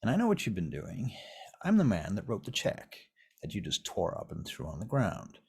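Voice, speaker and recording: A man voicing a calm, formal vampire gentleman who speaks in a measured, commanding way. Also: fairly low pitch, gravelly, slightly rough, full character voice. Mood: stern. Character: calm, formal male vampire musician Garwood.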